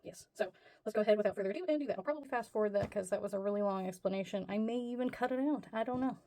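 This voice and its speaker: A woman's voice: medium pitch, very fast, dark tone. A woman hosting a casual crochet tutorial, talking through each step in a rambling, self-deprecating way with plenty of fillers.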